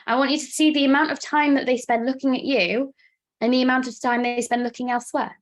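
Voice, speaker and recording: A Welsh-accented woman in her thirties leads a live online workshop. She talks quickly and chattily in a fairly high voice, laughing easily as she coaches. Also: steady tone. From Wales. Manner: chatty, fast-talking, laughs often. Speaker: presenter and coach.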